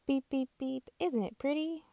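A woman's voice: high-pitched, normal speed, vocal fry, no echo, voice pushed up. A woman voicing a cheerful, polite little male truck in a storybook read-aloud. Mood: delighted. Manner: bright, eager and polite.

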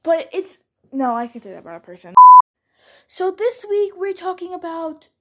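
A woman's voice: very high-pitched, sing-song, normal speed, mellow. A young woman hosting her own podcast at home, chatty and scattered, often stopping herself and starting over. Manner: chatty, scattered, self-interrupting with frequent restarts. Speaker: podcast host. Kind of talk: casual solo podcast bloopers.

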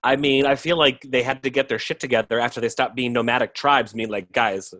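A man's voice: mid-range voice, fairly even intonation, quick pace, a bit bright, no echo. A man co-hosting a podcast in casual chat, reacting with wry jokes. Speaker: podcast co-host.

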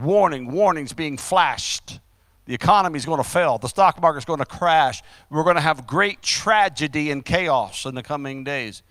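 A high-pitched man preaches with fire, his voice bright and forceful. He hammers home stressed words, then drops to hushed asides. The sound is dry and close. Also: dry recording. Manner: emphatic, rising and dropping loudness, drawn-out stresses. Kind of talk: fiery sermon.

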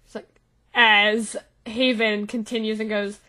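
A woman's voice: on the high side, fairly even intonation, measured pace, pushed and bright. A woman narrating as game master of a tabletop game, in a loose way with many fillers.

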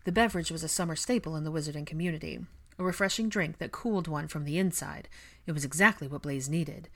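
A woman narrating a fan fiction audiobook in a steady storytelling manner. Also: low-pitched, fast. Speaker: audiobook reader.

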